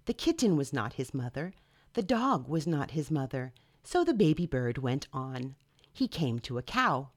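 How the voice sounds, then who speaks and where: A woman reading a children's picture book aloud in an expressive, sing-song way. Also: rumbling low, normal speed, no room sound, clean studio sound. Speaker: storyteller.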